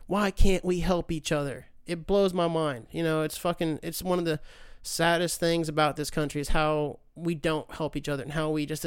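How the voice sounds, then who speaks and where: A man's voice: fairly high pitch, clean tone, no room sound, studio quality. A young man hosting a podcast, ranting casually with lots of swearing and sarcastic mock voices. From United States. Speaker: podcast host. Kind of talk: casual solo rant.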